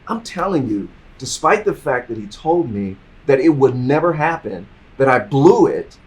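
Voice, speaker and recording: A middle-aged man telling his career story in an interview, acting out the people in it and swinging from quiet asides to loud, excited bursts. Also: moderate pace. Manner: animated, acts out dialogue, swings from low asides to loud bursts. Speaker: interview guest.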